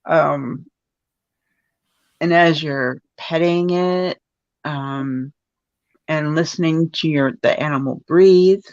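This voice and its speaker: A woman guest in a casual talk, speaking haltingly with many fillers and restarts. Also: low voice, darkish tone, no echo, muffled recording. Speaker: podcast guest. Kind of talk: casual conversation.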